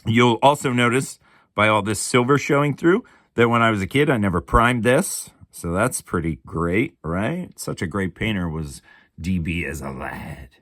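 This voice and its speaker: A man's voice: on the low side, lively intonation, moderate pace, a bit bright, no echo, studio quality. A man in his forties giving a casual, chatty show-and-tell from his home hobby room, laid-back and swearing freely. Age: 40s. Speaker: miniature hobby channel host.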